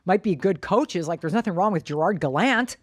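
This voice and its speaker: A woman's voice: on the low side, lively intonation, brisk, dry recording. A woman co-hosting a casual sports podcast, giving blunt, opinionated takes and swearing freely. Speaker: podcast co-host.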